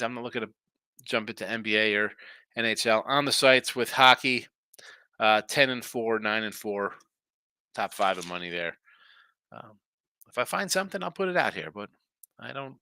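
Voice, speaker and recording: A tired, yawning man with a mid-range, sharp voice hosts a sports betting podcast in a dry recording. In casual live-stream chat, he rambles, reading out viewer messages and answering them.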